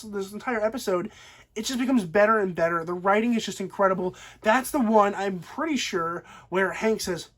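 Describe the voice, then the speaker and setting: A man giving a casual spoken TV show review, enthusiastic and rambling, with lots of fillers. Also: high-pitched.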